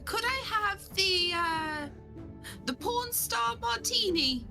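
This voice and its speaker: A woman's voice: extremely high pitch, expressive, takes it slowly, vocal fry, pushed and bright, soft background music, pitched above the performer's own voice, full character voice. A woman voicing a flustered, overly polite grandmother who keeps calling everyone darling and dear. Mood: hesitant.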